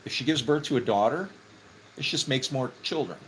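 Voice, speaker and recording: A man's voice: a little fast, slight background noise, poor audio. Chatty male Bible teacher. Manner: conversational, with many fillers and "okay?" check-ins; excitable, with sudden rises in pitch for emphasis.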